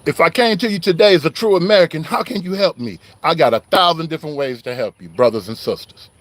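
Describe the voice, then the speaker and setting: A man's voice: on the high side, lively intonation, quick pace, dry recording. A man giving a heated, preachy online call-out, riled up and confrontational, wired on coffee. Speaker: online religious commentator.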